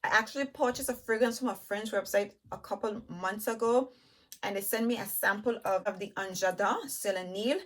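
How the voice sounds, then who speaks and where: A woman reviewing perfumes in a chatty way, talking straight to her viewers. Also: mid-range voice. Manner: chatty, enthusiastic, addresses viewers as "you guys"; lists notes while smelling, with pauses and restarts. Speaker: beauty vlogger.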